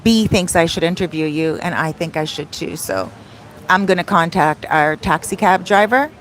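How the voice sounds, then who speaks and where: There's a little background noise as a Canadian woman, a travel vlogger and soul coach, chats into her phone. Her voice is fairly low and her pace moderate, and her rambling story keeps breaking into laughter and detours.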